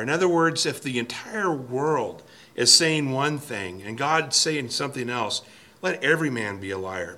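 Pastor guy giving a sermon, earnest and emphatic, keeps repeating words, bright clear tone, mid pitch. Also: moderate pace. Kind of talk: expository sermon. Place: church sanctuary, at a pulpit.

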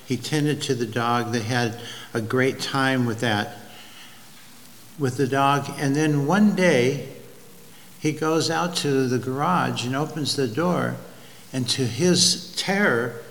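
A man preaching a sermon, telling an illustration slowly and deliberately, with pauses and restarts. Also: mid-range voice, fairly bright tone. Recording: long hall reverb, faint ambient noise.

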